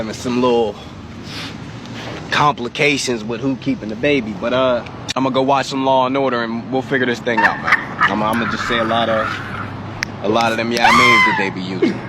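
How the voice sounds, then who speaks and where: A man's voice: medium pitch, background noise, natural voice. A man playing a lazy, money-hungry defense lawyer in a comedy skit, talking in a laid-back, dismissive way.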